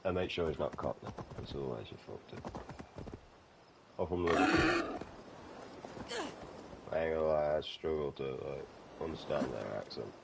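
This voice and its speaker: Young british dude chatting over a game, super deep gravelly voice, swears a lot, noisy background. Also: male voice, animated, normal speed, pauses often. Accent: British English. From England. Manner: swearing, rambling, chatty asides. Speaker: gameplay streamer. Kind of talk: casual gameplay commentary.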